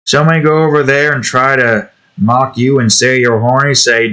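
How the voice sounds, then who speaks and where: A young man with a bright, forceful tone rambles casually as he draws. He talks in an offhand, self-deprecating way and drifts between topics. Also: medium pitch, fairly even intonation, moderate pace, few pauses. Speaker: artist and channel host. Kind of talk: casual chat while drawing.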